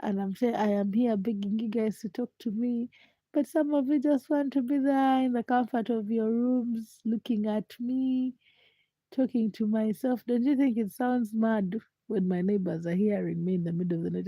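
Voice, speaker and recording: Hoarse young woman chatting on a late stream. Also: dark tone, no room sound. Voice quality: deep, froggy voice. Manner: chatty, teasing, pleading with viewers to comment. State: hoarse, stuffed nose from a chest infection. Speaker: livestream host. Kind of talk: late-night casual livestream chat. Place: her home at night.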